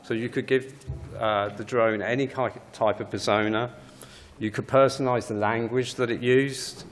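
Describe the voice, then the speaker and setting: A man's voice: mid-range voice, fairly even intonation, moderate pace. A man, a game developer, giving a casual conference talk with many fillers.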